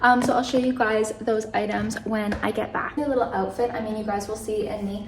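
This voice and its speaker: A woman's voice: medium pitch, steady tone, fairly quick, slight background noise. A young woman from British Columbia vlogging casually to camera, tired from lack of sleep, rambling with lots of "like" and restarts. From British Columbia, Canada. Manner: chatty, rambling, frequent "like" and restarts. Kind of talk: casual vlog talk to camera.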